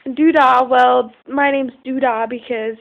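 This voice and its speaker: Young woman rambling through a story, high voice w vocal fry, lots of um and like. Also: steady tone, unhurried. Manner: rambling with many fillers and some swearing. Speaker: vlogger. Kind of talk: casual storytelling. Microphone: phone. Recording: tinny lo-fi phone recording.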